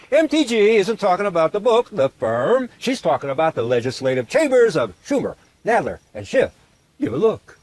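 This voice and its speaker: Style: voice-over commentary. Sex: man. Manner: mocking, sarcastic. Pitch: high, swooping widely. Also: sing-song, fairly quick, a little mellow, no echo. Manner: mocking, theatrical swings in emphasis.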